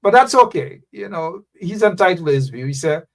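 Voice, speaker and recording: A man's voice: high-pitched, fairly quick. A man hosting live political talk radio, reading out viewer comments and urging listeners with repeated phrases. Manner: animated, preachy, calls out names, repeats phrases for emphasis. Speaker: radio show host.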